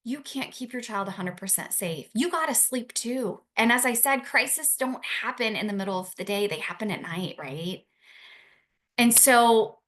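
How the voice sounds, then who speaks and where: Woman, lower voice, earnest, reassuring, repeats herself for emphasis, talk to parents. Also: a bit bright. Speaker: family support speaker for parents.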